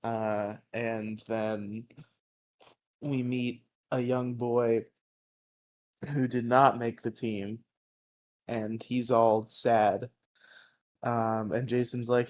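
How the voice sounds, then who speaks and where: Slow-talking, rambling male podcast host. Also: mid-range voice, flat delivery. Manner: rambling, laughing, many fillers. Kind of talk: casual episode recap.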